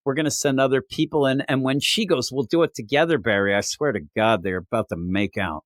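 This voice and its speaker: A man's voice: medium pitch, brisk, dry recording, clean studio sound. A man co-hosting a comic book podcast, recapping an issue in casual, profane, sarcastic chat and acting out the characters' lines.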